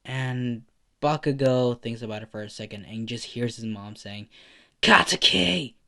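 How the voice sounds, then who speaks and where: A man's voice: mid-range voice, level tone, normal speed, darkish tone, smooth. A man narrating an amateur fan story in a rambling, casual way, full of fillers.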